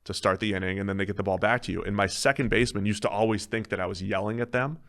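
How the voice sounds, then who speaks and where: A man hosts a podcast with loose, casual banter. His voice sits a little low, and he tells his stories in an easygoing way, often chuckling through them. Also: steady tone, very fast, fairly bright tone. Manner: laughs through his own anecdotes. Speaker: podcast host.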